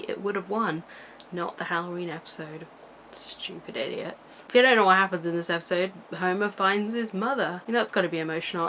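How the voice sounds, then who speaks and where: A young woman chats straight into her camera with the loose, gushing ramble of a fan vlog. Her pitch sits in an ordinary middle range, and a faint hiss of noise hangs under her voice. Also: fairly bright tone. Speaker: vlogger. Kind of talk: casual rambling vlog chat. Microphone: camera mic.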